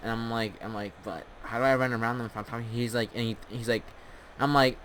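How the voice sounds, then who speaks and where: A man's voice: mid-range voice, steady tone, fast, a bit bright, slight background noise. A young man telling a long, rambling story with many restarts while playing a game, on a headset mic. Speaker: storyteller and gamer.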